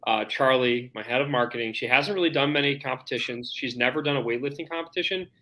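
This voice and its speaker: A man's voice: mid-range voice, fast talker, bright, forceful tone. A man co-hosting a podcast, telling stories in a jokey, casual way. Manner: jokey, storytelling. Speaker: podcast co-host. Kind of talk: casual chat.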